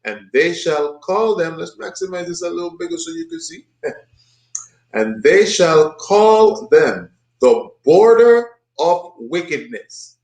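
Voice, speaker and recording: A man leads a bible study and talks over a video in a forceful, preaching way. His voice sits fairly high and jumps up when he mocks what he has heard. The recording rings with the echo of a room. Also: big pitch swings, takes it slowly. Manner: emphatic, mocking, repeats points with rising pitch. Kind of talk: preaching commentary on a played video.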